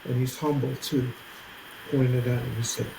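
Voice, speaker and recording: A man's voice: medium pitch, moderate pace. A man in his sixties from New Jersey, a musician guest telling stories in an interview and acting out what people said. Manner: animated storyteller, acts out quoted voices. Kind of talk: interview storytelling. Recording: roomy with faint noise.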